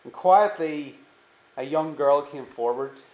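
A man preaching a sermon, earnest and emphatic, slowing down to stress key words. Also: a little high, darkish tone, echoey room, muffled recording. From England.

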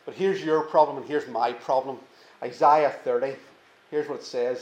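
A man preaching a sermon, earnest and emphatic, slowing down to stress key words. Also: medium pitch, steady tone, darkish tone, reverberant, low-quality recording. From England.

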